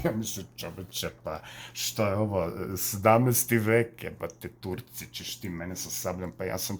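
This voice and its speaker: Dude doing a swaggering belgrade guy, slangy, low voice. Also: a little hiss or hum, natural voice. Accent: Belgrade Serbian. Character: cocky stoned young Belgrade guy telling street story.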